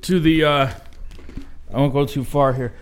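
A man's voice: on the high side, fairly even intonation, measured pace, crowd noise. A man co-hosting a podcast in a large hotel room, rambling through a casual mock room tour on a wired mic, swearing and laughing often. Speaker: podcast co-host. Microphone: wired microphone on a cable.

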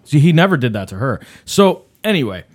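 A man's voice: medium pitch, big pitch swings. A man hosting a casual chat, teasing a couple and swearing a lot. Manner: teasing, profane, quick banter. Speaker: podcast host.

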